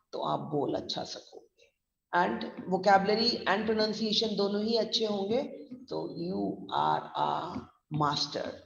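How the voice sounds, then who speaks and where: A woman pronunciation trainer, teaching slowly and repeating words as drills, sometimes switching into Hindi. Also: lowish voice, vocal fry. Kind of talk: classroom lecture. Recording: roomy echo from far off, dull audio.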